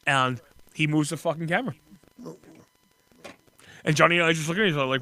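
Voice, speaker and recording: A man hosting a talk show, telling stories in crude, animated banter. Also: on the high side, fast talker, pauses often, slight background noise. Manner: profane, animated storyteller. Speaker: radio show host.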